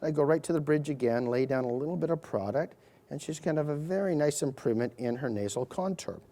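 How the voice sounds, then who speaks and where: A man's voice: a little high, fast, dark tone. A middle-aged man, a surgeon, narrating a live procedure demonstration to an audience, explaining each step with chatty, joking asides.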